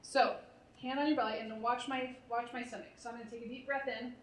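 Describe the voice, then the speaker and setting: A woman's voice: fairly high pitch, fairly even intonation, fast, a little hiss or hum. A woman therapist leading a parent workshop, coaching in a conversational way and often checking in with "right?". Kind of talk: live workshop talk.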